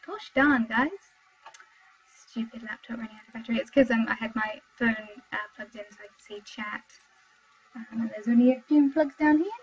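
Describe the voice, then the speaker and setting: A young woman from Wales chatting with her viewers while commenting on her gameplay, excitable and talkative, in dull lo-fi home stream audio. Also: a little high, moderate pace, breathy edge. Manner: chatty, excitable, exclaims at the game. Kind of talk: live gameplay commentary and chat.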